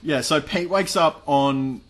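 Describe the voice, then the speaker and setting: Young man, slightly high pitch, dry emphatic recap, casual chat. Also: takes it slowly, a bit bright. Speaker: podcast co-host. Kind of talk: casual chat, retelling an episode.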